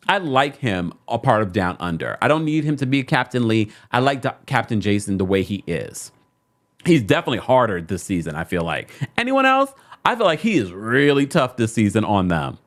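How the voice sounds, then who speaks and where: Animated man. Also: medium pitch. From New York. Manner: animated and opinionated, talks straight to listeners. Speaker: podcast host. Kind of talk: casual pop-culture commentary.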